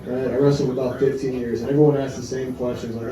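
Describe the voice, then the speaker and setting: A man's voice: medium pitch, flat delivery, fast. A young male comedian from Wisconsin working through a profane stand-up set. He is heard from a little way off in an echoey club room, with the crowd laughing around him. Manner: crude, profane storytelling with audience laughter. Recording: roomy club sound from a distance, crowd laughter.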